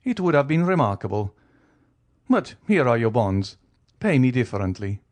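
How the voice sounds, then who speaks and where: A man voicing a wealthy, coolly ironic middle-aged count who talks in a teasing, measured way. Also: mid-range voice, sing-song, a little mellow, close to an everyday voice. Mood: amused. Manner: teasing, measured, faintly mocking.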